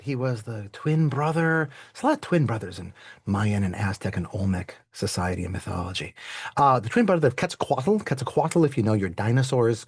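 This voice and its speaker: A man's voice: mid-range voice, creaky, breathy edge, dry recording, clean studio sound. A man teaching a live online class to children, playful and chatty, quizzing students and asking them to type their answers in the chat.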